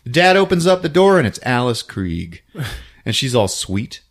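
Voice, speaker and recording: A man hosting a podcast, recapping a film in an animated, laughing storytelling style. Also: mid-range voice, normal speed. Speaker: podcast host.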